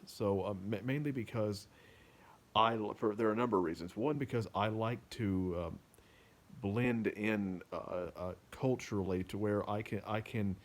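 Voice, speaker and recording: Guy from kentucky, mostly general american accent w a slight kentucky edge, lowish voice, lots of ums and restarts. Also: moderate pace. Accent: general American with slight Kentucky undertones. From Kentucky, USA. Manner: hesitant, many ums and restarts. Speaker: author vlogger. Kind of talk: casual talk to camera.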